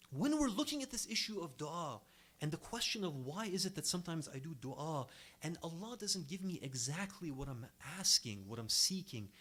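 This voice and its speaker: A man's voice: fairly high pitch, sharp tone. Earnest man preaching to a congregation. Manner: earnest, emphatic, rises and drops sharply for stress. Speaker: speaker at an Islamic center. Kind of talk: sermon.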